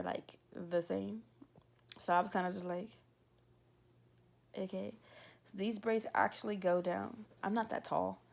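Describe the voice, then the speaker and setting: A woman's voice: medium pitch, gravelly. A young woman telling a casual, exasperated storytime in a vlog. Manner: animated, exasperated and talkative. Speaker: vlogger.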